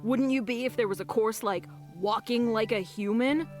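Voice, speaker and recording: A woman's voice: fairly high pitch, moderate pace, faint music behind, lightly acted. A woman playing a cocky wolfish student. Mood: restless. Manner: breezy and self-assured, sighing about being stuck. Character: wolfish young woman student, confident and restless.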